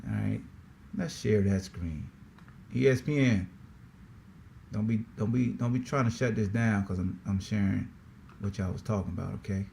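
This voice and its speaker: A man hosting a sports podcast in a casual, slangy, animated way, often repeating himself. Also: fairly low pitch, normal speed, gravelly, pauses often, a little hiss or hum. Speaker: podcast host.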